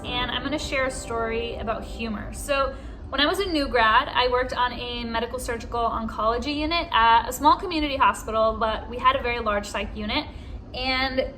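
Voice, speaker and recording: A woman's voice: sits high, a bit bright, rough recording. A young woman, a registered nurse, telling a funny work story in a chatty, giggly way, acting out the voices. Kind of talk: casual anecdote.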